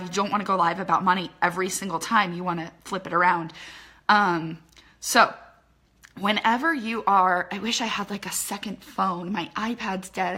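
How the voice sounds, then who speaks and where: A woman with a bright, forward voice runs a casual live tutorial for small-business owners, speaking straight into her phone. She talks in quick, chatty bursts, leaning on fillers and loose asides as she explains. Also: medium pitch. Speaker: social media business trainer.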